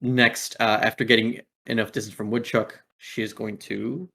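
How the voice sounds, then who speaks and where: A man's voice: lowish voice, level tone, moderate pace, gravelly, pushed and bright. Laid-back man narrating as game master. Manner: laid-back, full of filler words.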